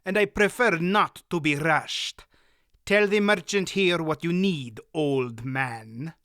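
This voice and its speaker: A man's voice: high voice, big pitch swings, slow pace, fairly bright tone, no echo, studio quality, pitched above the performer's own voice, full character voice. A man reading an audiobook, voicing a burly, scarred foreign warrior with a harsh, thickly accented voice who questions coldly. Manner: cold and probing.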